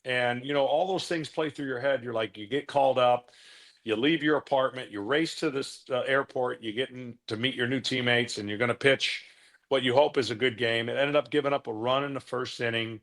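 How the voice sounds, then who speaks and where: A middle-aged man, a former pitcher, telling stories from his career in a casual interview, now and then acting out the voices of the people in them. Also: a little fast. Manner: relaxed, anecdotal, acts out quoted voices.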